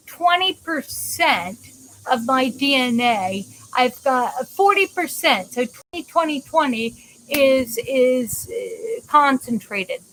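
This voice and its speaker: Chatty high-voiced woman, unhurried. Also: a bit bright, low-quality recording. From United States. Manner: rambling, chatty, many restarts, greets viewers by name. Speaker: host of a live interactive show. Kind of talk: casual live-stream chat.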